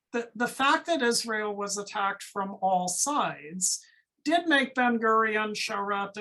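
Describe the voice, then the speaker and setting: A woman's voice: mid-range voice, a bit bright, poor audio. A woman moderating an academic webinar over a video call, speaking thoughtfully and at length with fillers.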